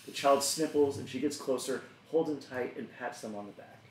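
A man's voice: medium pitch, normal speed, roomy sound, distant mic, a little hiss or hum, rough recording. A man narrating a tabletop game as game master, in a laid-back way with loose fillers.

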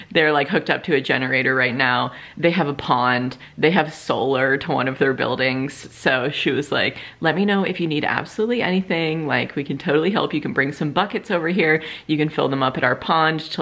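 A woman's voice: low voice, sharp tone. A young woman vlogging casually at her rural home, chatty and candid, swearing freely and laughing often. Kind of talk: casual vlog talk to camera. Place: rural home during a power outage.

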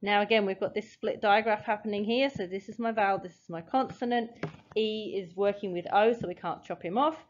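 A woman's voice: medium pitch, a little hiss or hum. Patient woman teaching phonics, lo-fi. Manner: patient, step-by-step, sounds out letters slowly. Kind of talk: phonics lesson, explaining at a board.

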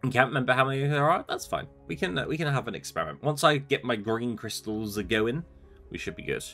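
A young man live-streams a game and chats loosely with viewers, sleepy yet animated, his pitch rising and falling a lot. His voice has a bright, forward edge, and soft game music sits in the background. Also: fast talker. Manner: chatty, rambling, reads out chat messages. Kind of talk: casual live-stream chat while gaming.

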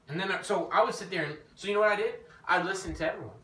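Animated preacher man, bright echoey voice. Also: fast talker, few pauses. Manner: animated, storytelling, rises in pitch when emphatic. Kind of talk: informal teaching sermon. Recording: echoey room, mic at a distance, faint background noise.

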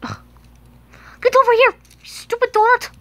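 A woman voicing a grumpy, demanding male engine in a homemade toy play, loud and greedy. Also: high voice, takes it slowly.

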